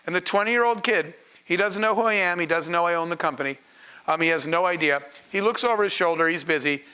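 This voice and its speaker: Man, startup founder, animated storyteller, acts out dialogue, sharp bright tone. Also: high voice, fast, smooth, low-quality recording. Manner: animated, laughing, acting out dialogue. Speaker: startup founder and panel speaker. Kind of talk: storytelling talk to an audience.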